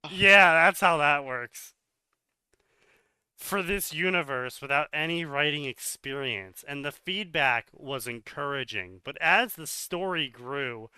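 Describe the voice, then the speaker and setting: A man's voice: a little high, pushed and bright, smooth, no room sound. A man reading a text aloud for a comedy stream and mocking it with frequent swearing. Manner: swears often, mocking asides. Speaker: co-host reading fanfiction aloud. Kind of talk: sarcastic commentary on a read-aloud text.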